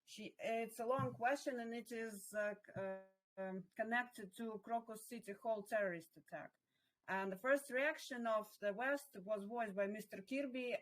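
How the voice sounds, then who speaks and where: Woman host, hesitant, halting question reader. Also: medium pitch, low-quality recording. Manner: hesitant, many "uh" and "like" fillers and restarts. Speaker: interviewer reading an audience question. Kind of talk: reading out a viewer question.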